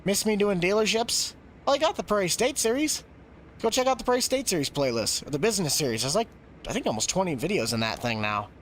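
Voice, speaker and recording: A man's voice: high-pitched, animated, fast, fairly bright tone, slight background noise. A man streaming a game live, chatting casually and answering questions from chat.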